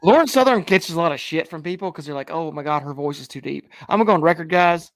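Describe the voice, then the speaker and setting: A man co-hosting a live talk show, chatting in a relaxed, hesitant way and chuckling along. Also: fairly high pitch, quick pace, dry recording. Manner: laid-back, hesitant, chuckling. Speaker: co-host. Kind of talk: casual chat.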